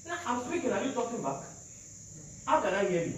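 A man's voice: sits high, sing-song, very fast. A man preaching, emphatic and repetitive, quizzing his congregation. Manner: emphatic, repeats lines, questions the congregation. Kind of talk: sermon. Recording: very echoey hall from far off, faint noise.

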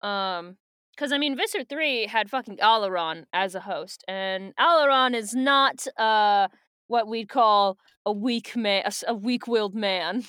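A woman's voice: mid-range voice, measured pace, fairly bright tone, clear, resonant tone, no room sound, studio quality. A woman co-hosting a podcast in casual book-club chat, talking with lots of fillers and offhand swearing. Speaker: podcast co-host.

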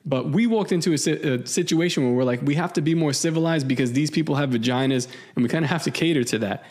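Man, slightly high voice, profane rambling, laughs mid-story. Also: fast, darkish tone. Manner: profane, rambling, laughs while telling stories. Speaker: podcast co-host. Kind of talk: casual podcast chat.

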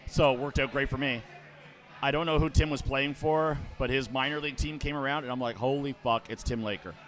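A man from Canada on a podcast, telling a story in casual chat and acting out the quotes loudly. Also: mid-range voice, steady tone, brisk, soft background music. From Ottawa, Canada. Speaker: podcast host.

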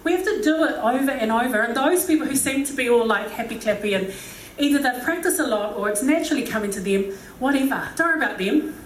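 A woman's voice: on the high side, expressive, fast talker, hardly any pauses, recorded from a distance. A middle-aged woman giving a humorous, self-deprecating talk, often laughing and acting out quotes. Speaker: speaker. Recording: echoey hall with faint noise.

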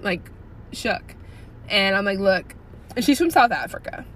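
A woman in her early twenties telling a workplace story in a casual, animated rant, blunt and profane with lots of "like" fillers. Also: mid-range voice, measured pace, slight background noise. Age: early 20s. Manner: indignant and blunt.

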